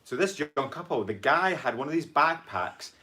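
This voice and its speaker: Lively Scottish man telling stories. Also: fairly high pitch, normal speed. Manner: animated storytelling, acts out quotes, crude jokes. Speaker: co-host reading viewer comments. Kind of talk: casual chat.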